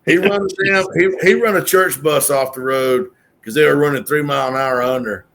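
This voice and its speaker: A man with a drawl and a slightly raised pitch tells exaggerated stories in a rowdy, cursing, joking way. He talks over the others in loose, back-and-forth banter. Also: a little fast, a bit bright. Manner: rowdy, exaggerating, swears freely. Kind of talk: casual chat.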